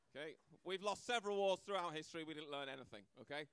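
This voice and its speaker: A man's voice: fairly high pitch, lively intonation, fast talker, few pauses, fairly bright tone, clear, resonant tone. A man performing a stand-up comedy set, brash and conversational, acting out voices and often asking "right?". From Britain. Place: comedy club stage, live audience.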